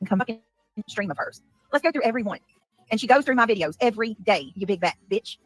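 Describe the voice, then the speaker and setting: Woman, rapid heated rant, profane, livestream talk, faint music behind. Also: a little high, expressive. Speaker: livestreamer in a played clip.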